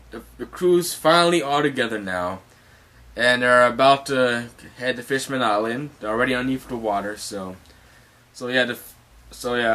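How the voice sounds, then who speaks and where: A man's voice: mid-range voice, pushed and bright. A man casually recapping a comic chapter as host, rambling with many fillers and restarts and some swearing.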